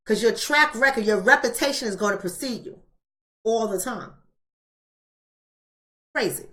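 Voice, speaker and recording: A woman's voice: on the high side, a little slow, bright, forceful tone. A woman hosting a live-streamed book club, talking bluntly and emphatically and repeating rhetorical questions.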